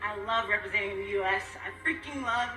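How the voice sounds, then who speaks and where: A young woman athlete giving a post-match interview, excited and gushing, laughing between phrases. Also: mid-range voice, fairly quick, distant mic. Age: young adult. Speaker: Olympic athlete being interviewed. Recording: echoey arena interview from off-mic with music behind.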